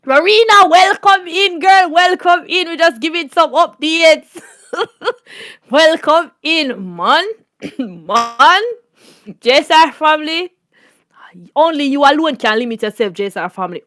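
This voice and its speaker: A woman with a Jamaican accent hosting a casual storytime chat, animated and laughing often. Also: sits high, dry recording, studio quality. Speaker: channel host.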